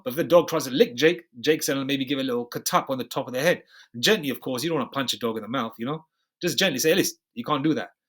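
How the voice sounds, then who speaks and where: A man's voice: fairly high pitch, a bit bright. Slang-heavy, emphatic male preacher. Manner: reads verses slowly and deliberately, then comments in loose street slang; emphatic, repeats points with "okay?" and "man". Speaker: bible teacher. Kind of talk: scripture study sermon.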